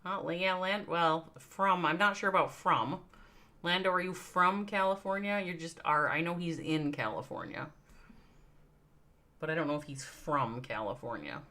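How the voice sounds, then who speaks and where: A woman's voice: fairly low pitch, moderate pace, pushed and bright. A woman with a Midwestern accent chatting casually with viewers on a live game stream, thinking aloud and reading out their names. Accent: American Midwestern.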